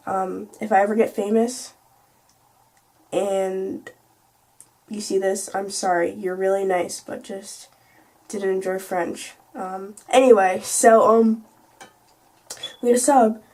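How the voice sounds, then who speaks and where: A woman's voice: medium pitch, steady tone, takes it slowly, long pauses, a little mellow. A teenage girl telling a casual storytime vlog, chatty and full of "like" and "you know". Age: teens. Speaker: vlogger.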